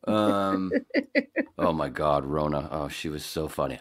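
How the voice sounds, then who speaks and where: A man chatting casually and rambling, halting and restarting often as he looks back on his comedy set. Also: a bass voice. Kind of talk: casual chat.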